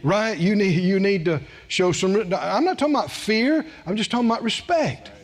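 A man's voice: sits high, animated, normal speed, faint music behind. A middle-aged man preaching a sermon in a folksy, emphatic way, repeating phrases for stress.

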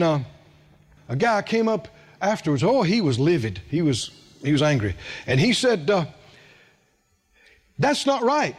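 A middle-aged man with a fairly high pitch preaches a sermon, sharing a personal story. He's animated and poses questions to the congregation.

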